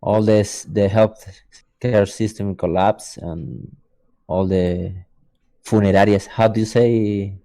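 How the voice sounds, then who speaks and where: A man from Ecuador speaks slowly and hesitantly, pausing with fillers as he searches for words. His voice is low and dark, and the sound is dry and close. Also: steady tone, no room sound. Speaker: guest developer. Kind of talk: casual interview chat.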